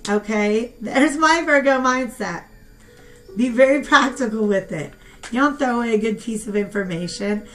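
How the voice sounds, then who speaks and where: A young woman giving a casual tarot reading and talking straight to her viewers in a chatty, animated way. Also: fairly high pitch, moderate pace, faint music behind. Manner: chatty and animated, talks to viewers as "you guys". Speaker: tarot reader.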